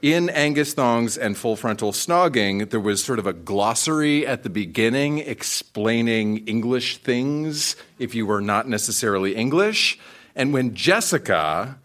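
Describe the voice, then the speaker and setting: A man's voice: medium pitch, animated, unhurried, a bit bright. A man talking to a live audience in a conversational way, asking questions of the room. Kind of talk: talk to an audience.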